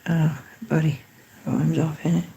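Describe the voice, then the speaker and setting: Gravelly low-voiced woman chatting on a livestream. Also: little pitch movement, moderate pace. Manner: chatty, drifts into soft whispered asides; blesses and greets viewers warmly by name. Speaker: livestream host. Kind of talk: casual livestream chat.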